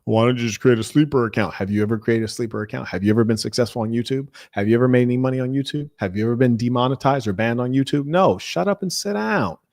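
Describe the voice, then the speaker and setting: On a stream, an American man tells a story as a ranting, animated host, mocking people and acting out their dialogue. His medium-pitched voice races along with few pauses, in studio-quality sound without room noise.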